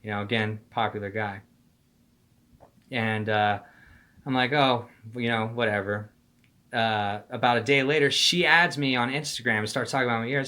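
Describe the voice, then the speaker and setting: A young man with a bright, forceful voice tells a story from his own life in a loose, casual monologue. His talk is slangy and profane, packed with "like", "dude" and "bro". His pitch sits at an ordinary middle height. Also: steady tone, moderate pace. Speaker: vlogger telling a personal story.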